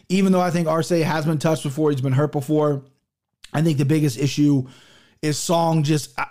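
Young guy rambling through fight picks, swears a lot, voice sits a bit high. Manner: profane, rambling, animated, with many restarts. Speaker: MMA betting picks host. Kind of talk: casual solo picks show.

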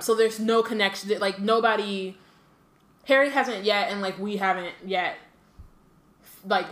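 A woman's voice: medium pitch, fairly bright tone. A woman co-hosting a podcast, chatting casually in a rambling way with many fillers. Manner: rambling, full of "like" and "um". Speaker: podcast co-host. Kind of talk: casual chat. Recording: roomy echo.

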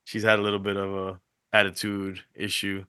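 A middle-aged man on a podcast, telling family stories in an animated way and acting out what his wife and kids said. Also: low-pitched, brisk, clean tone. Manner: animated storytelling, acts out family quotes. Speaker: podcast co-host. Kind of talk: casual chat.

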